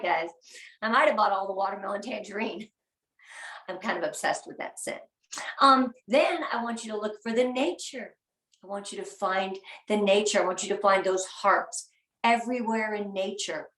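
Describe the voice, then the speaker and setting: A woman's voice: on the high side, a bit bright. Upbeat woman speaker in an echoey room. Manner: upbeat, earnest, has the audience repeat phrases. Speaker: guest speaker at a sales training. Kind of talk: motivational talk. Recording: echoey room, voice a bit far from the mic.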